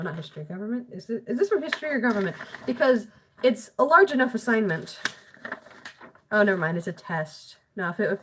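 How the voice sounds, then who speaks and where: A woman's voice: on the low side, a little hiss or hum. A girl in her late teens, talking to herself at home in a rambling, self-deprecating, chatty way while doing homework. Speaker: vlogger.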